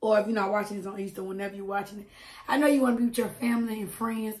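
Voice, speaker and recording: A woman from Alabama with a Southern accent, hoarse and deep-voiced, chatting casually to viewers as the host of an eating show. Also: flat delivery, very fast, darkish tone. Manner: chatty and affectionate, says y'all. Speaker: mukbang host.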